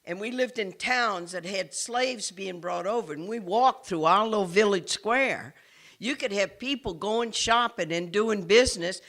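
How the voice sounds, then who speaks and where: An earnest woman, a nun, gives an impassioned talk to a roomful of listeners. Her voice is bright and forceful. She moves between ringing emphasis and near-whispered intensity. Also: medium pitch. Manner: earnest, swings from forceful to hushed. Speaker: nun speaking to an audience. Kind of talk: impassioned public speech. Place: room with a live audience.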